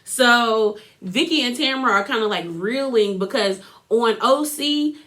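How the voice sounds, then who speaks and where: A woman's voice: a little high, unhurried, bright, forceful tone. A woman giving a casual, opinionated recap of a reality TV episode, talking loosely with lots of "like" and acting out what people said. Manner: chatty, full of "like" and opinions, acts out quotes.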